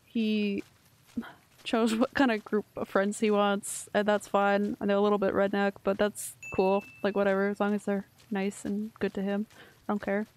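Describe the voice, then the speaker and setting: A woman's voice: medium pitch, completely flat delivery, moderate pace, darkish tone. A young woman streaming a video game, chatting casually and rambling, swearing freely and poking fun at herself. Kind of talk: casual gameplay commentary.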